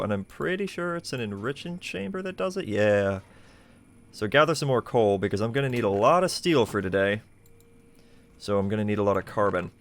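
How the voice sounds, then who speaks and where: A man streaming a game live, thinking aloud in a chatty way with plenty of fillers. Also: fairly low pitch. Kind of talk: casual live gameplay commentary.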